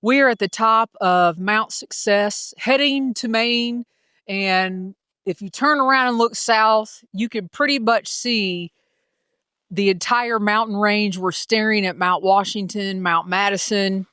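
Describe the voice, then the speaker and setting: A woman's voice: mid-range voice, unhurried, bright, forceful tone, smooth, no echo, studio quality. A woman with a Southern US accent vlogging casually from a mountain summit, chatty and self-deprecating, filmed on a handheld phone. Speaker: hiker and vlogger. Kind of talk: casual trail vlog.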